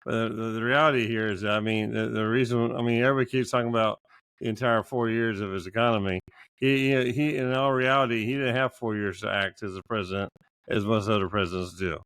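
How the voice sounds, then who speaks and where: A man's voice: on the low side, fairly even intonation, quick pace, a bit bright, clean tone, no room sound. A man co-hosting a political podcast who argues heatedly and stumbles over repeated words when cut off. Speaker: podcast co-host.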